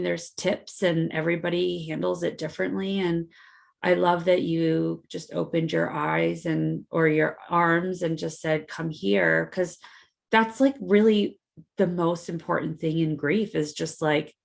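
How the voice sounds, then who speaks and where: A woman co-hosting a reflective podcast talk, her slow, low-pitched voice carrying a gravelly fry. She chooses her words with care, filling pauses with soft fillers, and sounds close to tears. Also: steady tone. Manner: thoughtful, searching for words with many fillers. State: emotional, near tears. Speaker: podcast co-host. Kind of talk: reflective casual conversation.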